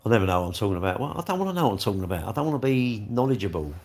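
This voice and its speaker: A man's voice: lowish voice, big pitch swings, very fast, darkish tone. A man, hosting a live stream and rambling jokily as he answers viewers' comments. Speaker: livestream host reading chat. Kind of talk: casual live chat.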